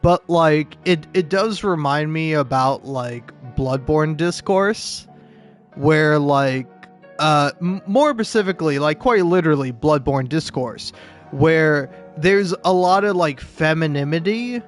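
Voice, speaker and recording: A man's voice: fairly high pitch, slow, soft background music. A young man casually commentating on a video game, sarcastic and profane, rambling and stammering through his thoughts. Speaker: gameplay commentator.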